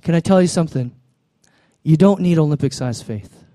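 High-voiced pastor preaching a lively sermon. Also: male voice, normal speed, dry recording. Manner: animated, acts out the people in the story; calls to the congregation for an amen.

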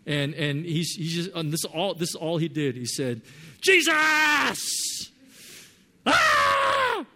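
Man preaching, voice a bit high, storytelling big then going quiet and earnest. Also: a little fast. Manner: animated storytelling, drops to soft earnest tones. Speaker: pastor. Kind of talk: sermon with personal story.

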